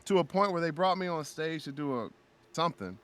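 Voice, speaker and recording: A man's voice: a little high, expressive, brisk, a bit bright. A man telling a heartfelt story on a casual podcast, acting out quoted dialogue with a raised voice and speaking openly about faith and prayer. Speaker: guest voice actor.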